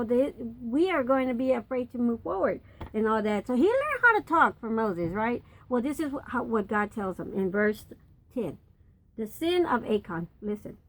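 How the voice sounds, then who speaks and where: A woman's voice: high-pitched, rough recording. An older woman, a grandmother, reading Bible passages aloud and explaining them in a chatty, folksy way. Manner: chatty, folksy asides, reads scripture aloud. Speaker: grandmother teaching Bible lessons.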